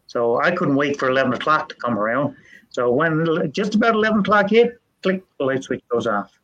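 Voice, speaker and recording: An older man, telling family ghost stories in a folksy, earnest way with halting restarts. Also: fairly high pitch, animated, fairly bright tone. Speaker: storyteller guest. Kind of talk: casual storytelling. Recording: dull lo-fi sound.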